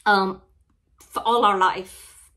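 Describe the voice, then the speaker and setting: A woman's voice: medium pitch, fairly even intonation, very slow, sharp tone. A middle-aged woman with a Cajun Louisiana accent, chatting casually in an unboxing vlog, tearful and heartfelt, often apologizing. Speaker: crafting channel vlogger.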